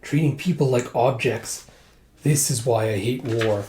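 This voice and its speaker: A man voicing a gentle male dragon warrior from a manga, reading his lines in a weary, lamenting way. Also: medium pitch, measured pace, roomy sound, lightly acted.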